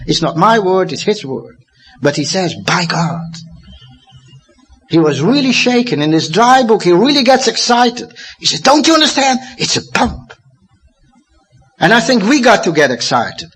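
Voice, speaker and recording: A Dutch man in his fifties giving a lecture, talking emphatically and swinging from excited high bursts to low, quiet asides. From Netherlands. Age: 50s.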